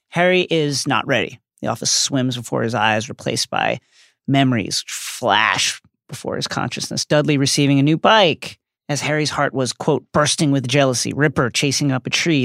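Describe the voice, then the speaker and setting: A man's voice: mid-range voice, gravelly, a bit bright, dry recording, studio quality. A man co-hosting a podcast, recapping a book as dramatic storytelling and acting out the quotes. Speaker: podcast co-host. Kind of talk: recapping and reading book passages.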